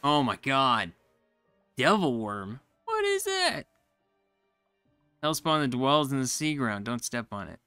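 A man giving casual commentary as he plays a game, talking to himself, often confused and quickly frustrated. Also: clean tone, no room sound, soft background music. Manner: jumps to high excited exclamations when surprised. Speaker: gaming YouTuber. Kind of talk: casual let's-play commentary.

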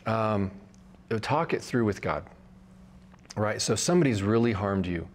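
Lower-pitched guy answering viewer questions, relaxed frank bible teaching. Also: moderate pace, a little hiss or hum. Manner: relaxed, frank, practical advice.

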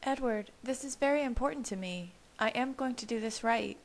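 A woman's voice: on the high side, moderate pace, pitched above the performer's own voice, lightly acted. A woman voicing an earnest, determined young woman who pleads and insists, in a fan-read storybook.

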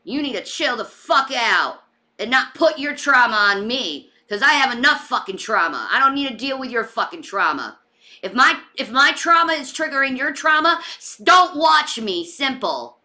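A woman's voice: high-pitched, sing-song, moderate pace, sharp tone. A woman streamer venting angrily and swearing on a livestream, heated and defensive. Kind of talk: angry livestream rant.

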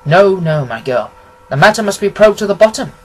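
A man reading aloud who voices a stern, stubborn older banker speaking emphatically in a husky voice. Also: high voice, lively intonation, brisk, faint music behind, voice pushed up, poor audio. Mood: insistent. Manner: emphatic, insistent.

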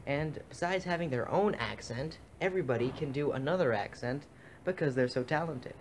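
A man's voice: a little high, fairly quick, a little hiss or hum. Chatty young male vlog host. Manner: upbeat, chatty, addresses viewers directly. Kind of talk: casual vlog presenting.

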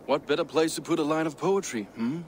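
A man's voice: on the high side, slight background noise, close to an everyday voice. A man voicing a poetic Viking shipbuilder. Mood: proud. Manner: measured, lyrical speech.

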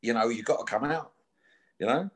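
A man's voice: mid-range voice, a little fast, fairly bright tone, breathy edge. A man talks bluntly as a guest in a casual chat. He swears freely and keeps a challenging, confrontational edge throughout. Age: 50s.

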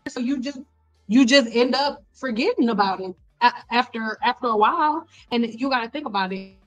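A middle-aged woman cosmetologist hosting a casual live stream, blunt and animated, talking straight to her viewers with slang and exasperated repetition. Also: on the high side, brisk, faint music behind, low-quality recording. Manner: frequent laughs and exasperated repetition. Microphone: desk mic.

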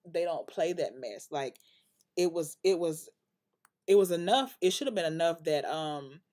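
A woman's voice: deep voice, normal speed, darkish tone. A woman hosting a let's play, rambling chattily and addressing the viewers directly with laughs. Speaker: gaming channel host. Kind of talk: casual let's play commentary.

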